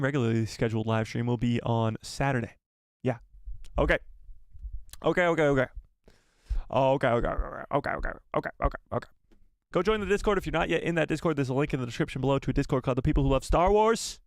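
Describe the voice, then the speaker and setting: A man's voice: mid-range voice, fast talker, dry recording. An upbeat man chats loosely with his live stream viewers, rambling and often repeating phrases. His voice sits in a mid range. He is recorded close on a dry mic with no room sound. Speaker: YouTube live stream host. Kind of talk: casual live stream chat.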